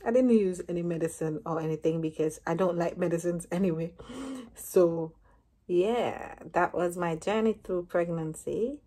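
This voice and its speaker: Mellow-voiced woman vlogger telling a story. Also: fairly low pitch, moderate pace. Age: 30s. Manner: lively retelling, acting out what each person said. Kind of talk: casual storytelling to camera.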